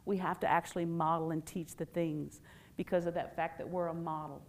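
A middle-aged woman giving a playful, animated workshop talk to parents and quizzing the audience. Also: lowish voice, brisk.

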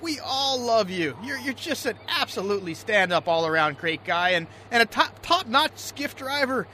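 An actor playing a gruff fishing boat skipper who stammers and swings between bellowing orders and coaxing his crewman. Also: very high voice, expressive, moderate pace, heavily acted. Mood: soothing. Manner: stammering, swings from yelling to soothing. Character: gruff male fishing skipper, hot-tempered yet coaxing. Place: outdoors on a boat. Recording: noisy outdoor recording.

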